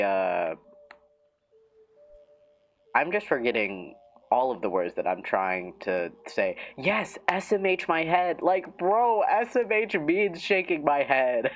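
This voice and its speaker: Rambling young man, muffled stream audio. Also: medium pitch. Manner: rambling, many fillers and restarts, chuckles at himself. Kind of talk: casual livestream chat.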